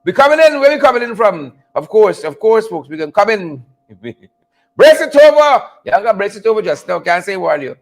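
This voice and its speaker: A man hosting a livestream, animated and repetitive, laughing often and greeting viewers by name. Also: high-pitched, fast. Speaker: livestream host. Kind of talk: casual livestream commentary.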